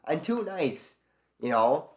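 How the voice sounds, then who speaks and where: A man's voice: fairly high pitch, big pitch swings, takes it slowly. A man streaming live, ranting in casual chat with lots of swearing and sarcasm while answering his chat. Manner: ranting, profane, sarcastic storytelling; reads and answers chat messages aloud.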